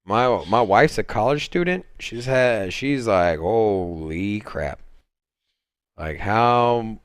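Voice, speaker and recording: Casual male stream host, rambling delivery, smooth and dry close sound. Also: medium pitch, lively intonation, takes it slowly, no echo. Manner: rambling, laid-back, many fillers and restarts. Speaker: crypto livestream host. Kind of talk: casual livestream chat. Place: home, on a Sunday livestream.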